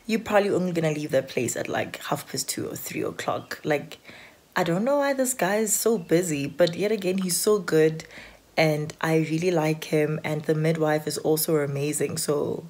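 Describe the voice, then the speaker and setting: A woman's voice: sits low, moderate pace, a little mellow. A South African woman chatting casually to her phone camera at home, rambling and anxious, with lots of filler words. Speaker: vlogger. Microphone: handheld phone.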